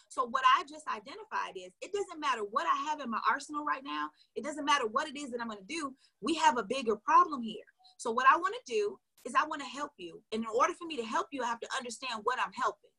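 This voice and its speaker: A woman coach retells a sales call to her viewers and acts out each part of the dialogue. Her voice is high and bright, with a husky edge. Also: fast talker. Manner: animated, acts out dialogue, addresses viewers directly. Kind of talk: storytelling lesson to viewers.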